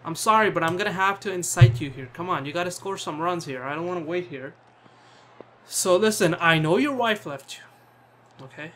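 A man's voice: high voice, moderate pace, fairly bright tone, a little hiss or hum. A man giving casual commentary as he plays a cricket video game, bantering, swearing and talking to his player on screen.

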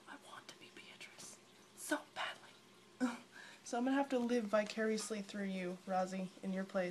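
Holding her phone camera at arm's length, this young vlogger chats bubbly and rambling to friends, giggling between thoughts. Her voice sits at medium pitch, with slight background noise.

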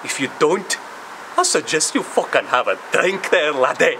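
A man putting on a gruff, blunt Scottish man with a Scottish accent. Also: a little high, lively intonation, normal speed, noisy background.

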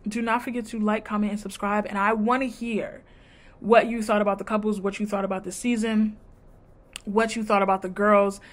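A woman's voice: medium pitch, little pitch movement, brisk. A woman vlogger recapping a reality show in casual chat, with blunt, sassy commentary and slang. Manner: retells scenes by quoting people.

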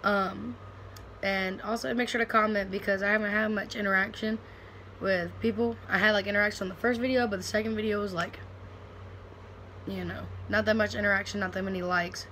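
A woman's voice: mid-range voice, fairly even intonation, brisk, pushed and bright, slight background noise, rough recording. A young woman, rambling casually to camera in a home vlog, full of fillers and restarts. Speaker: vlogger. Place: at home, indoors.

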